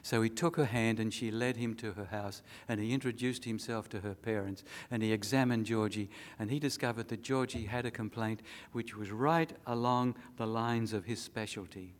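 A man's voice: on the low side, fairly even intonation, normal speed, few pauses. A man preaching a sermon, telling an earnest story and making emphatic appeals.

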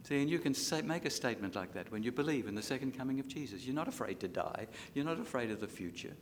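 Older Australian preacher in a hall. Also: male voice, mid-range voice, expressive, a little hiss or hum. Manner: dramatic rises and drops in loudness, slows for scripture. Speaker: pastor. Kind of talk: sermon.

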